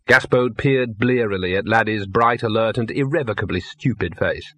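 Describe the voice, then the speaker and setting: A man's voice: on the low side, fairly bright tone, dry recording. Man narrating a wry comic audiobook. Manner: wry, measured storytelling. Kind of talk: scripted narration.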